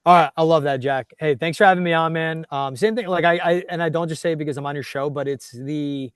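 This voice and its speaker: Fast-talking man giving energetic career advice. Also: fairly high pitch, smooth, no echo, clean studio sound. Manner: energetic, coaching tone, acts out quotes. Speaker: guest, TV sports reporter. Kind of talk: casual interview chat.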